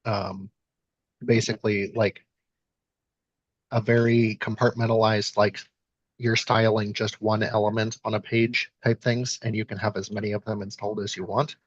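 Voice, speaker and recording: A man's voice: lowish voice, level tone, moderate pace, dry recording. A man speaking hesitantly in an online meeting over a video call, with lots of fillers. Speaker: meeting participant. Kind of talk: casual online meeting talk. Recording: dull lo-fi call audio.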